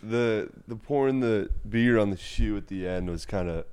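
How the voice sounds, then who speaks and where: A man with a low, smooth, resonant voice who chimes in during a podcast chat. He makes short, teasing comments while his co-host tells a story. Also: normal speed, a little mellow. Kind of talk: casual chat.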